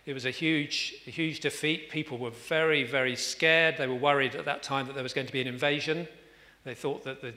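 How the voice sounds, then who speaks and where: Bright-voiced preacher in a reverberant hall. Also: male voice, mid-range voice. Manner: conversational, with fillers and restarts, emphatic when reading scripture. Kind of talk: sermon.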